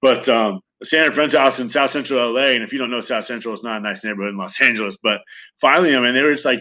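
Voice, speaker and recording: A man in his thirties from Southern California candidly telling his recovery story in a fast, profane, animated way. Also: mid-range voice, low-quality recording. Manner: fast, profane, animated retelling with acted quotes. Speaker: guest sharing recovery story.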